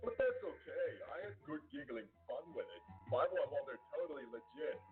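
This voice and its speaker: A man's voice: on the high side, animated, fairly quick, close to an everyday voice. A man playing a customer giving a goofy testimonial in an ad, rambling and giggly. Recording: tinny phone-like clip with music.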